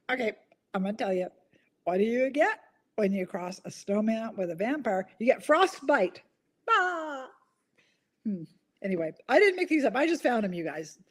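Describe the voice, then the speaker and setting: A woman's voice: on the high side, slightly rough. A woman hosting a casual live chat, reading viewer comments aloud and giggling at her own corny jokes. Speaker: host of a live online chat.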